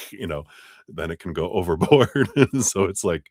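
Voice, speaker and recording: A man talking through a live tarot reading, animated, with frequent fillers and laughs. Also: moderate pace, no echo, clean studio sound. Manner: animated, acts out quoted voices with big pitch jumps; laughs often, many fillers. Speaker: tarot reader. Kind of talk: live-streamed reading talk.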